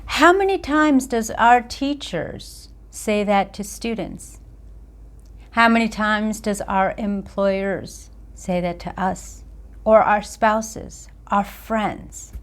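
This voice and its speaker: Speaking to camera, a woman accountability coach delivers a motivational talk in a mid-range voice. Her phrasing is deliberate and emphatic.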